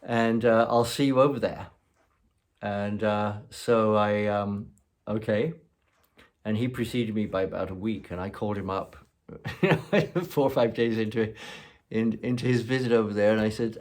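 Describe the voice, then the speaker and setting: A man's voice: lowish voice, fairly even intonation, a little slow, darkish tone. Rambling man telling a story. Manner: rambling, chuckling, full of "you know". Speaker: host. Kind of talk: casual storytelling.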